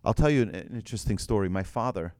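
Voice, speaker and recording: A man giving an animated religious lesson to a group, asking rhetorical questions and telling anecdotes. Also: lowish voice, quick pace, dry recording, studio quality.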